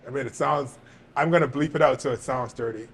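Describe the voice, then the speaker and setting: A man's voice: medium pitch, brisk, gravelly, noisy background. A man hosting a casual date chat, teasing and joking playfully. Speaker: host.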